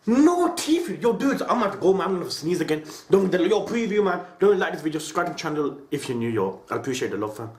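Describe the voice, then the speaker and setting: A young man chatting casually in a vlog, slangy and excitable, sneezing between lines. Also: high voice, fast, hardly any pauses, reverberant, slight background noise. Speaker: YouTuber.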